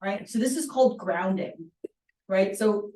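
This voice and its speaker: A woman facilitating a workshop. She leads calm guided exercises and often checks in with a questioning "right?". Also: medium pitch, unhurried. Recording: roomy sound from a distant mic.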